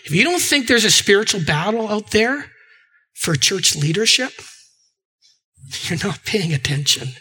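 A middle-aged man preaching a sermon, telling stories in an animated way and often stammering into repeated words. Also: high-pitched, a little slow, long pauses, husky, low-quality recording. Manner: animated storytelling, acting out quoted voices, frequent stammered repeats. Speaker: pastor.

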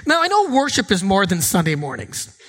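A man's voice: high-pitched, wildly swooping pitch, a little fast, a bit bright, long reverb tail. A man preaching a sermon as pastor, earnest and emphatic in short, punchy phrases.

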